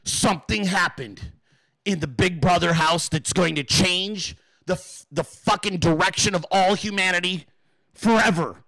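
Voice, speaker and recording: A man doing a booming, overblown male TV trailer announcer. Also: measured pace, vocal fry, pushed and bright, dry recording, full character voice, rough recording. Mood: dramatic.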